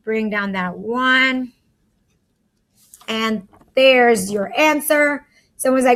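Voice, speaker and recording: A woman's voice: fairly high pitch, extremely slow, pauses often, pushed and bright. A woman teacher in a recorded math lesson, chatty and talking through each step aloud to her students.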